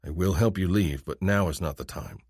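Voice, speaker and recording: A man's voice: low-pitched, fairly quick, a little mellow, no echo, clean studio sound. A male audiobook narrator voicing a smitten alien chief's son who speaks formally and earnestly. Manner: formal, solemn, no contractions. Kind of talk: audiobook character voice.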